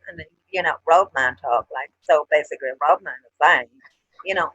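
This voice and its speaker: Dublin Irish woman, bright husky voice. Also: low voice, a little fast, no echo, highs cut off. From Ireland. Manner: swears often, animated storytelling. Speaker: co-host. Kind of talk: casual chat.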